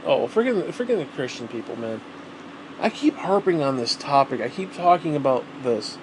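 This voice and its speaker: A man's voice: fairly high pitch, very animated, normal speed, background noise. A man ranting alone in a vlog, rambling and exasperated, swearing constantly. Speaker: vlogger. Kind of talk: solo rant to camera.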